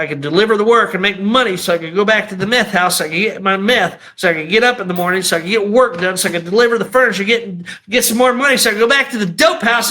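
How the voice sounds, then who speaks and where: Bright-voiced man telling a raw testimony. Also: high-pitched. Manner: raw, emotional, conversational, peppered with "man" and "you know". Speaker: guest sharing a testimony. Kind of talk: personal testimony storytelling.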